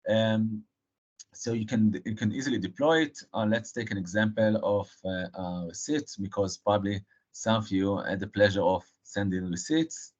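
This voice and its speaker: A man presenting a live technical software demo, halting and filling pauses with frequent uh and um. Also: fairly low pitch, steady tone. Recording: dull lo-fi stream audio.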